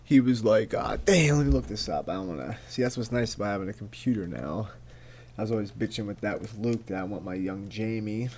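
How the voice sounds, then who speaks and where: A man's voice: lowish voice, a little fast, a little mellow, slight background noise. A young man hosting a casual solo podcast, ranting in a rambling, profane way and often repeating words as he goes. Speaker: podcast host.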